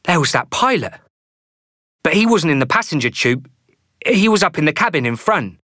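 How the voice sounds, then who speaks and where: A fretful, plump schoolboy in thick spectacles, as a male reader puts him on. His voice jumps high above the narrator's and bursts out in eager, worried questions. It is heard close and dry in a storybook reading. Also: sing-song, normal speed, pushed and bright, dry recording. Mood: anxious.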